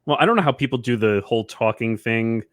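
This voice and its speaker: A man's voice: medium pitch, fast talker, no echo, clean studio sound. A man hosting a casual show chat, steering topics with joking asides. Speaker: host.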